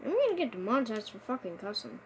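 A woman giving casual gameplay commentary, swearing constantly, muttering one moment and yelling at enemies the next. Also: a little high, quick pace, a little hiss or hum. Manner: excitable, jumps between muttering and shouting. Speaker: gamer streaming a video game.

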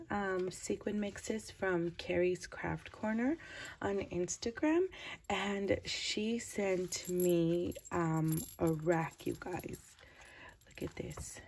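A woman chatting casually as she opens craft mail, gushing over each piece and keeping her voice low early in the morning. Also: darkish tone, breathy edge. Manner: gushing, keeps low to avoid waking her child. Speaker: crafting vlogger opening mail. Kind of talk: casual unboxing chat.

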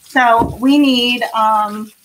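Woman hosting a cooking stream, loud noise. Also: on the high side, steady tone, very slow. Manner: explains each step while chatting. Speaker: cooking livestream host. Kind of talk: casual cooking livestream chat. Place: home kitchen. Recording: home kitchen with loud background noise.

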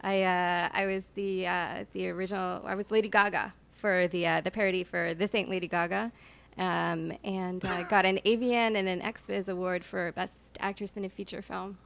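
A woman guest on a talk show, a DJ and actress, talking casually with many pauses and fillers. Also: on the low side, creaky. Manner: relaxed, hesitant with many fillers.

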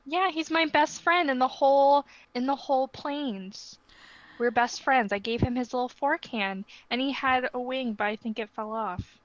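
A woman voicing an innocent, earnest seven-year-old tiefling girl who speaks slowly and haltingly. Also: high-pitched, dry recording, natural voice. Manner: slow, halting, childlike speech. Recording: dull lo-fi dry mic sound.

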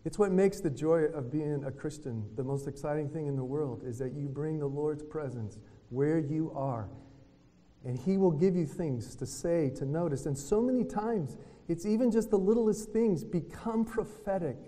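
High-voiced man preaching in a reverberant hall. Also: normal speed. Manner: lively storytelling that acts out other people's words. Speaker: retreat speaker. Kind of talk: preaching talk to a men's retreat. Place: hotel conference room. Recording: long reverb of a hotel meeting hall.

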